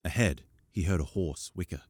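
A man reading audiobook narration in a measured, expressive way. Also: low-pitched, dry recording, studio quality.

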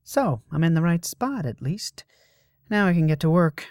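A man voicing Calidora, a husky, brusque muse. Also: a little high, very animated, moderate pace, darkish tone, no room sound, studio quality, pitched above the performer's own voice. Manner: blunt and offhand. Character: brusque, blunt young female muse.

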